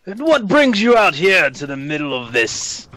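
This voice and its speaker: A man voicing a gruff, stern older male adventurer in a tabletop game, with a drawling, mocking manner. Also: high-pitched, sing-song, moderate pace, bright, forceful tone, dry recording, full character voice, low-quality recording.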